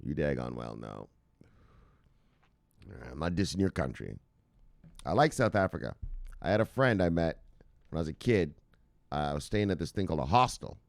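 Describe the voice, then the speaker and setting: A deep-voiced man hosts an informal crypto news show from his computer. His voice rises and falls a lot as he riffs and swears. The recording is dry and close, with no room sound. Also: sing-song, fairly quick, pauses often, no echo. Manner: loose, profane and chatty, laughs often. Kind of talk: casual news commentary.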